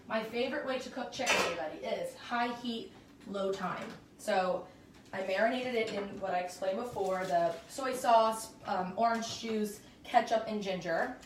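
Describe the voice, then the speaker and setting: A woman's voice: mid-range voice, distant mic, a little hiss or hum. Chatty young woman cooking, roomy sound. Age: young adult. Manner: chatty and upbeat, thinks aloud and corrects herself. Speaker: home cook hosting a cooking video. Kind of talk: casual cooking demonstration. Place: home kitchen. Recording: roomy kitchen sound from off-mic.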